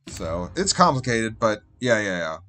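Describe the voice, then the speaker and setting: A man's voice: on the low side, very animated, measured pace, bright, forceful tone. A man casually commentating his own card game on a live stream, thinking aloud in a loose, rambling way. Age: adult with a job. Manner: rambling, thinks aloud with fillers and trailing asides.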